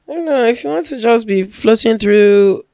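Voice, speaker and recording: A woman's voice: a little high, no room sound, clean studio sound. A young woman with a Nigerian accent, co-hosting a casual podcast chat and slipping in pidgin slang. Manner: lively, mixes in pidgin slang. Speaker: podcast co-host.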